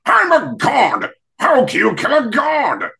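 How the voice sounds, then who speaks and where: Someone playing a scenery-chewing self-declared god, wildly swooping pitch, gravelly edge, bright cutting tone, theatrical ranting villain. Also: wildly swooping pitch, slow pace, exaggerated voice. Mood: grandiose. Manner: over-the-top theatrical ranting.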